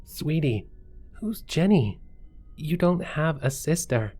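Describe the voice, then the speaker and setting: A man's voice: sing-song, slow pace, mellow, soft background music. A man voicing a distraught middle-aged mother who pleads in a trembling, raised voice. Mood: hysterical. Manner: trembling, high-pitched pleading.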